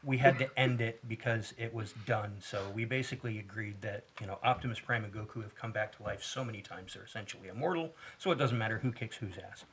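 A man's voice: on the low side, fast, hardly any pauses, a little hiss or hum. A man co-hosting a casual talk show, telling rambling stories with lots of restarts. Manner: rambling, animated storyteller with many restarts. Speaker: podcast co-host. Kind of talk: casual chat.

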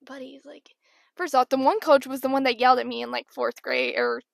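A woman's voice: high-pitched, big pitch swings, fast, gravelly, no room sound. A young woman hosting a podcast, telling stories in a chatty, self-deprecating way with lots of "like". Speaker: podcast host. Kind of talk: casual storytelling.

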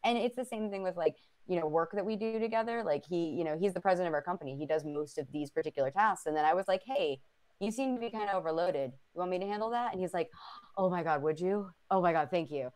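A woman's voice: on the low side, quick pace, darkish tone. A woman co-hosting a casual talk podcast, telling stories animatedly with many fillers. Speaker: podcast co-host. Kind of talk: casual chat.

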